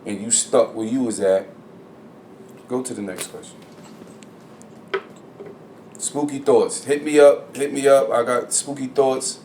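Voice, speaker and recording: A man co-hosting a podcast in casual chat, blunt and full of slang, getting loud and animated when he is worked up. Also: mid-range voice, unhurried, long pauses. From New Jersey. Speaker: podcast co-host. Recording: echoey room with faint ambient noise.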